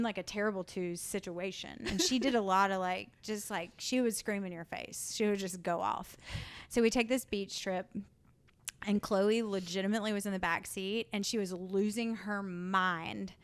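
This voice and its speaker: A woman podcast host telling a story in an animated, chatty way. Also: mid-range voice, normal speed, clean tone. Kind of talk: casual storytelling.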